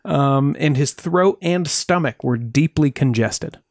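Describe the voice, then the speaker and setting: A man's voice: fairly high pitch, slow, darkish tone, no echo. A man co-hosting a podcast, telling a mystery case with dry jokes in casual chat. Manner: dry, joking storyteller. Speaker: podcast co-host.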